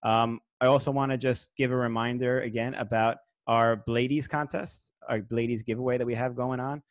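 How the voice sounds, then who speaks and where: A man's voice: medium pitch, fairly even intonation, moderate pace, no room sound. Upbeat man hosting a podcast, dry sound. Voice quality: friendly, upbeat, reads shout-outs and promos. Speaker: podcast host. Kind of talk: casual podcast chat.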